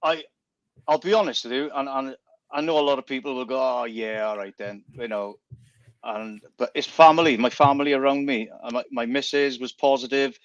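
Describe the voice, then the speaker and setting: A man's voice: mid-range voice, steady tone, moderate pace, no room sound, dull audio. A middle-aged man, a guest entertainer chatting on the radio, telling stories animatedly and stumbling over repeated words. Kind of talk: casual radio chat.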